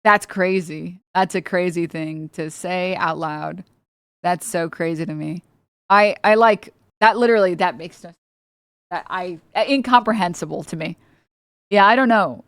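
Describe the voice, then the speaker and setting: A woman's voice: fairly low pitch, measured pace, no room sound. A woman streamer giving reaction commentary, ranting with incredulous, profane remarks.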